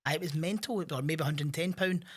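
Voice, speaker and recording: A Scottish man co-hosting a podcast in casual chat, telling animated anecdotes and acting out the voices of people in his stories. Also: a little high, fast, a little hiss or hum. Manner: animated storyteller, acts out quoted voices. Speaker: podcast co-host.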